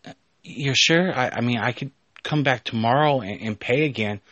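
A man's voice: medium pitch, normal speed, a bit bright, dry recording, dull audio, close to an everyday voice. Man voicing a stammering young cat girl. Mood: eager. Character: eager young woman college student turned cat girl.

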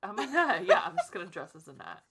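Woman co-host, tipsy and playful, lively pitch with a gravelly fry. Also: quick pace. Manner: playful, giggly, joking. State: tipsy from wine. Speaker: podcast co-host. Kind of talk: casual book-club chat.

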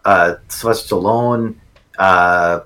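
A man co-hosting a livestream, laid-back and halting, with many fillers. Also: sits low, sharp tone, poor audio. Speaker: livestream co-host. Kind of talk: casual crude banter.

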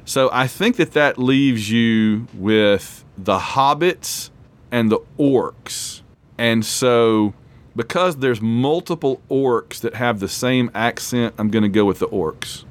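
A man's voice: medium pitch, takes it slowly. A man hosting a casual trivia quiz, rambling and self-deprecating as he reads questions and reacts. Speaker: quiz host.

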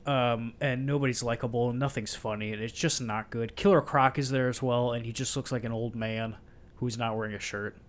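A man's voice: mid-range voice, fairly even intonation, fairly quick. A man in casual chat, bluntly and sarcastically recapping a movie he disliked, with plenty of swearing.

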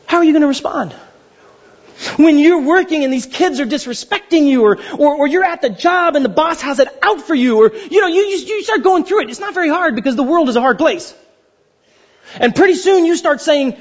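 Pastor guy preaching, high husky voice, jumps all over the place, kinda muffled recording. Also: fairly quick. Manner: animated, joking, acts out little dialogues. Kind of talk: sermon.

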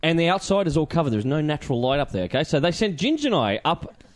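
An Australian man co-hosting a casual show, telling a story with lively, swearing banter. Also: a little high, fast talker. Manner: animated, swearing, laughing storyteller. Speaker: radio co-host.

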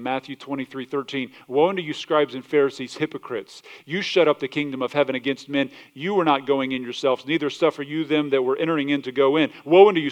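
A man preaching a sermon as pastor, passionate, swinging from loud declarations to quiet asides, quoting scripture and acting out other people's voices, asking the congregation questions. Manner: passionate, rises loud then drops low, acts out quoted voices; asks the congregation questions, southern 'y'all'.

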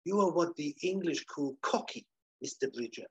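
A man voicing a smooth, cold French government agent with a put-on French accent, coolly polite. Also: on the high side, expressive, normal speed, no room sound, pitched above the performer's own voice. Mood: cool politeness.

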